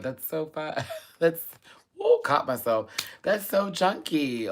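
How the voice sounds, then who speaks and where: Man, young adult, live-stream host, casual chat, animated, high exclamations. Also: unhurried. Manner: animated, bursts of loud laughter and high exclamations.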